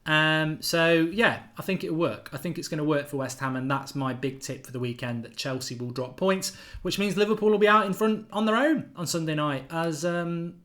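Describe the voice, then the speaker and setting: A man hosting a football fan channel, giving opinionated predictions in casual live-stream chat, animated and full of fillers. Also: fairly high pitch, normal speed.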